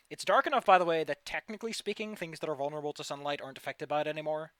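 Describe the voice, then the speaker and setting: A man's voice: a little high, steady tone, very fast, hardly any pauses, a bit bright, no room sound. A man running a tabletop game as game master, narrating with theatrical flair and teasing the players.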